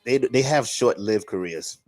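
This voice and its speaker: A co-host chiming in casually, hesitant and soft, often breaking into laughs. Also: mid-range voice, expressive, unhurried, faint music behind. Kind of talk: casual chat.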